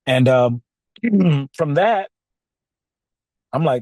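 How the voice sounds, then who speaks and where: Brief: animated male podcast host, chatty and laughing, in a dry studio. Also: on the high side, moderate pace, pauses often, no room sound. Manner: animated, laughs often, talks straight to listeners. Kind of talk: casual storytelling monologue.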